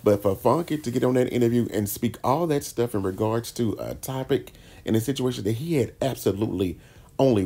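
A man's voice: mid-range voice, a little fast, gravelly, dark tone, husky. A man hosting a casual, sassy celebrity gossip commentary and calling his viewers "child" and "baby.". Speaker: host of a commentary channel. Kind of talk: casual pop-culture commentary.

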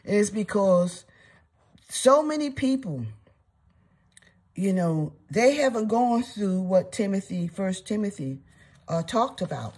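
Older lady in her 70s teaching bible study, husky breathy voice, earnest, keeps asking "okay?". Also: mid-range voice, lively intonation, slow pace, long pauses, a little mellow. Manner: earnest, checks in with listeners with "okay?" and "y'all".

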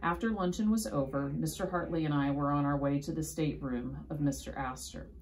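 A woman reading a children's storybook aloud in steady first-person narration. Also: deep voice, brisk, poor audio.

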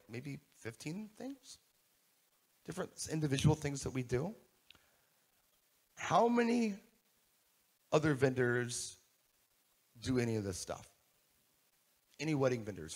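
Animated gravelly man giving a keynote. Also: mid-range voice. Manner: animated, asks the audience questions. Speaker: keynote speaker. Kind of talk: live conference keynote talk. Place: conference room before an audience.

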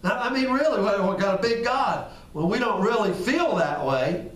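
Man, high voice, conversational sermon, repeats phrases, recorded from a distance. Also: expressive, normal speed, a bit bright. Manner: conversational preaching, acts out little dialogues. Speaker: pastor. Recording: echoey room, far from the mic.

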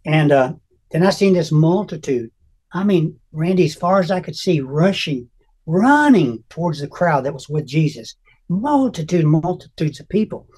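An older man with a husky, breathy voice recounts a personal faith testimony as an interview guest. He tells it earnestly and with deep emotion, acting out the lines he quotes. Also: big pitch swings, moderate pace, darkish tone. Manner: emotional, earnest storyteller who acts out quotes.

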